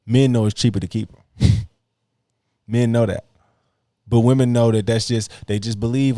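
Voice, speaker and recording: A man's voice: mid-range voice, fairly even intonation, measured pace, pauses often, warm tone, no room sound, studio quality. A man hosting a podcast, reacting to clips in blunt, profane casual commentary and laughing mockingly.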